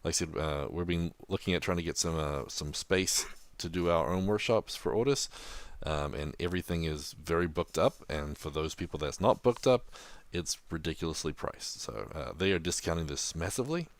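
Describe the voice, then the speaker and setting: Very deep-voiced New Zealand man. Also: normal speed, hardly any pauses, no echo. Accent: New Zealand, softened toward American. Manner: chatty, laughs often, many fillers. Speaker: podcast co-host. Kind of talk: casual podcast chat.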